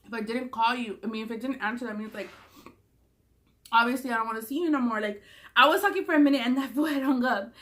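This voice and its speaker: A young woman with a Southern California accent telling a story casually in a vlog, swearing a lot and acting out quotes in a higher voice. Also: quick pace, fairly bright tone. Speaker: vlogger. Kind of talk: casual storytelling while eating.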